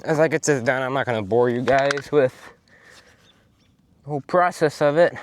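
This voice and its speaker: A man's voice: mid-range voice, normal speed, slight background noise. A man explaining farm vehicle maintenance in a plain, matter-of-fact way. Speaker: farm vlogger. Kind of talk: casual vlog narration. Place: outdoors by the vehicles.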